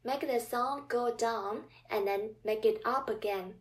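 Slow, patient Mandarin tutor woman. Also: a little high. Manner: repeats drill sounds, prompts listener to repeat. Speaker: Mandarin tone teacher. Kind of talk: slow, patient language lesson.

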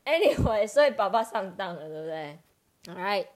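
A woman's voice: mid-range voice, big pitch swings, normal speed. A woman co-hosting a bilingual chat, chatty and explaining, often laughing. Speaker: co-host. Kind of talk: bilingual chat mixing Mandarin and English.

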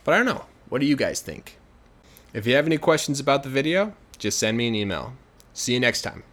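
Easygoing man telling a story. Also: mid-range voice. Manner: relaxed, chatty, acts out characters in quick asides. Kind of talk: casual storytelling for English learners.

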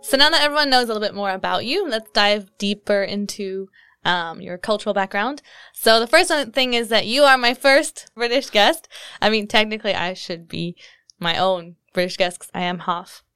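A woman's voice: mid-range voice, normal speed, smooth, no room sound, studio quality. Bubbly woman hosting a podcast. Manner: bubbly, giggly, animated. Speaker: podcast host. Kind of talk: casual interview chat.

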